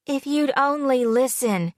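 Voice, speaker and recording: A woman's voice: high voice, measured pace, darkish tone, dry recording, clean studio sound, voice pushed up. A woman voicing a hurt young fiancée, pleading in a shaky, emotional voice in an audiobook. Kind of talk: audiobook character voice.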